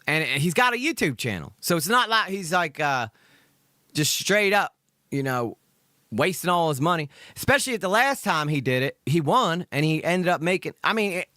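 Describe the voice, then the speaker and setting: Lively, profane man ranting on stream. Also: fairly high pitch, no echo, studio quality. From Georgia, USA. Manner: profane, ranting, swings to loud outbursts. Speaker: stand-in stream host. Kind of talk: live reaction stream.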